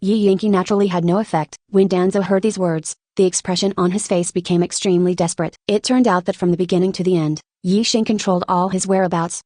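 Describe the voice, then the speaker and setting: A woman narrating an audiobook in an even, unhurried reading voice, reading every character's lines alike. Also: fairly low pitch, dry recording, studio quality.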